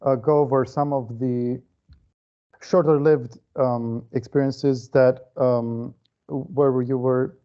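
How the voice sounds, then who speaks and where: Man, interview host, halting questions, mid-pitched voice, dull lo-fi audio. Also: fairly even intonation. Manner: hesitant, filler-heavy questioning.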